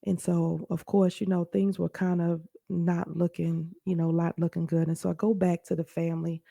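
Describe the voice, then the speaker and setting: A woman's voice: fairly low pitch, little pitch movement, normal speed, gravelly, dark tone, dry recording. Woman host, earnest teaching talk, dry close sound. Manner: earnest, conversational, speaks directly to listeners. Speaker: podcast host. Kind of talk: personal storytelling and teaching.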